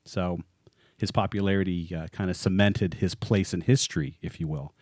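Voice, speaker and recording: A man's voice: low voice, steady tone, normal speed, darkish tone, dry recording, clean studio sound. A man co-hosting a podcast in casual, chatty talk, joking and laughing often as he goes. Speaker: podcast co-host.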